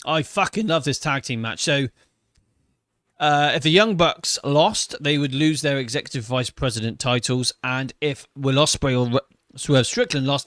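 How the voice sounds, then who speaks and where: Excitable man reviewing wrestling. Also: mid-range voice, no echo, clean studio sound. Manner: enthusiastic, emotional, swears casually. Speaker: podcast host. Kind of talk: casual wrestling review chat.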